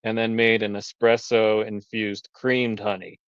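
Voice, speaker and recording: A man's voice: lowish voice, little pitch movement, unhurried, fairly bright tone, clear, resonant tone, no room sound. A man who keeps bees and sells honey, chatting casually on a live stream over a video call, explaining his products in detail. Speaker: beekeeper selling honey. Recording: dull lo-fi stream audio.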